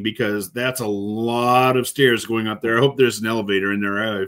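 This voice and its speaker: Rambling man, low voice. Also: steady tone, normal speed, few pauses, a bit bright. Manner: rambling, many fillers and restarts. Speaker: corrections officer reacting to a video. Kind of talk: casual reaction commentary.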